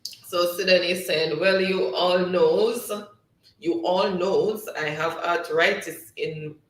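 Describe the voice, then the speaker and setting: A man with a fairly high voice hosts a live trivia stream, reading out viewer comments at an unhurried pace. He is chatty and often laughs along. His voice sits back from the mic in an echoey room. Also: fairly even intonation, fairly bright tone, recorded from a distance. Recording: roomy sound, voice set back from the mic.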